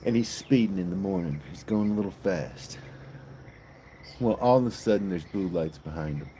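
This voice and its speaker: A man's voice: deep voice, lively intonation, normal speed, warm tone, slight background noise. A man hosting a casual livestream, chatting playfully and telling a long joke. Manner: playful storyteller. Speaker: livestream host.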